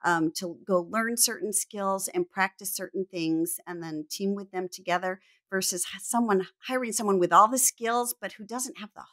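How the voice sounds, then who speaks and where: A woman's voice: mid-range voice, moderate pace, hardly any pauses, fairly bright tone. A woman business coach, a podcast guest, who talks earnestly and reflectively about faith and quotes scripture. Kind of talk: faith-centered podcast conversation.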